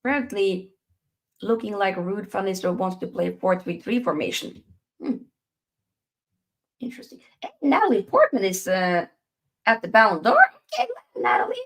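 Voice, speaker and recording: A woman hosts a live football stream, talking casually and reacting to viewer messages. She is animated and chatty, swinging into playful put-on voices now and then. Her voice sits at a middle pitch for a woman. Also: normal speed, pauses often. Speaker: football channel host reading live chat.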